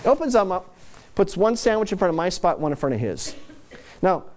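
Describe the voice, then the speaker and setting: A man delivers a talk to a business audience through anecdotes, speaking in a relaxed, conversational way. His voice sits a little high, and he drops casual, self-mocking asides between story beats. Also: a little fast. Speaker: corporate speaker.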